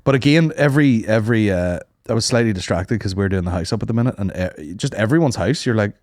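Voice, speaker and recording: A man's voice: lowish voice, fast talker, dry recording, clean studio sound. A young man hosting a podcast, chatting casually and telling stories full of swearing. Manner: animated, sweary storyteller. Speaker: podcast host. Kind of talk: casual chat.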